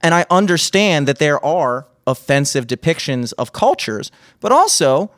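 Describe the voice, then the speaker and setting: A man's voice: a little high, moderate pace, dry recording, studio quality. A man co-hosting a podcast, cursing a lot and telling jokes in crude casual banter. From Greek and Italian heritage. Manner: profane, animated joke-telling. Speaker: podcast co-host. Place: remote podcast recording.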